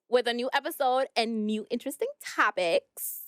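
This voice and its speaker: A woman's voice: a little high, moderate pace, a bit bright, clean tone, no echo, clean studio sound. A young woman co-hosting a casual podcast, playful and rambling, laughing often. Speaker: podcast co-host.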